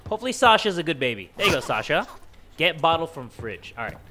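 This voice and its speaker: A man's voice: fairly high pitch, sing-song, quick pace, sharp tone, a little hiss or hum. A man doing jokey let's play commentary, talking to the game characters and yelping at jump scares. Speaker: gaming video creator.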